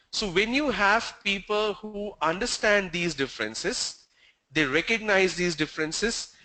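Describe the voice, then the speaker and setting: Brief: man, pronunciation trainer, slightly high voice, sharp explanatory delivery. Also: low-quality recording. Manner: explanatory, slow stressed examples. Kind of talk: online training session.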